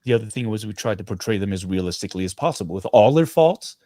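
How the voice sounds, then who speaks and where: A middle-aged man from Canada, a guest actor speaking in a casual interview, earnest and animated, often restarting his sentences. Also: on the low side, fast, no room sound, studio quality.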